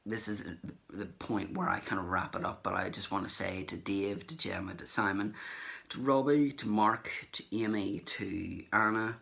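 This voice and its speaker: In a lowish, fairly bright voice with vocal fry, a man speaks at a normal speed with fairly even intonation. He's a collector vlogger casually recounting celebrity encounters at a comic convention, wandering off with fillers and acting out the remembered back-and-forth.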